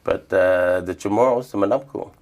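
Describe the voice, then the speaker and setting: A middle-aged man from the Northern Mariana Islands telling stories in an interview, relaxed, acting out the voices he quotes. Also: low voice, moderate pace. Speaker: humanities awardee, traditional healer. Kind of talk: interview storytelling.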